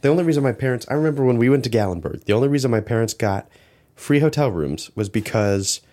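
A man's voice: medium pitch, fast. A young man co-hosting a podcast, rambling through stories in casual chat and acting out quoted lines. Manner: rambling storyteller, animated quoting. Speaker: podcast co-host.

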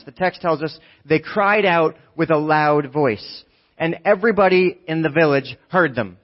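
A man preaching a conversational sermon, talking casually, often asking "right?" and swinging from hushed tones to near shouting. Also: on the high side, moderate pace. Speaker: pastor. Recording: dull lo-fi sound.

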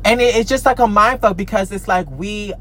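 An artist who makes social media content rants to camera in a high voice, fairly quick and sharp-toned, with slight background noise. His angry vlog is profane and repetitive, full of restarts and stammers, often trailing off with "I don't know."

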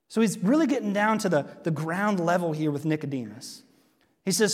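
High-voiced pastor in an echoing church. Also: male voice, animated, a little fast. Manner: earnest, asks the congregation rhetorical questions. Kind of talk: sermon. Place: church sanctuary.

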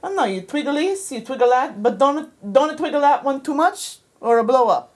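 A woman's voice: sits high, animated, moderate pace, voice pushed up. A woman putting on a breezy, dismissive Italian male art instructor with a put-on Italian accent.

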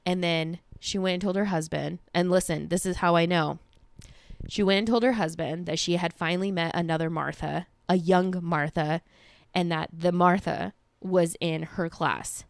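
A young woman hosting a podcast, telling stories in a chatty, animated way with sarcastic asides. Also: lowish voice, normal speed, gravelly, dry recording, studio quality. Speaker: podcast host. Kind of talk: casual storytelling monologue.

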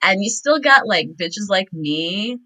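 A woman's voice: mid-range voice, expressive, a little slow, pushed and bright, low-quality recording. A young American woman co-hosting a podcast, talking casually with plenty of fillers. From United States. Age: young adult. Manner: chatty, lots of fillers. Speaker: podcast co-host. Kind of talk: casual chat.

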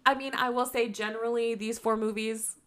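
A young woman co-hosting a podcast in casual, animated chat, with lots of "like". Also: fairly high pitch, brisk. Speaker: podcast co-host.

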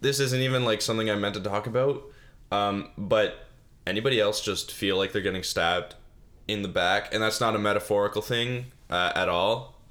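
Young male solo podcaster, lowish voice, silly self-mocking rambler, desk mic. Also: fairly even intonation, moderate pace, fairly bright tone. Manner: goofy, self-mocking, laughs at own jokes; mock-sobbing bit, put-on crying. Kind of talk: rambling solo comedy chat.

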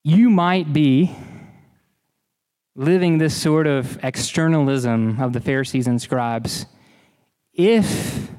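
A pastor delivers an earnest, emphatic sermon, leaning on repetition to drive his points home. His voice sits a little high for a man. The sound carries the long reverb of a large hall. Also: darkish tone.

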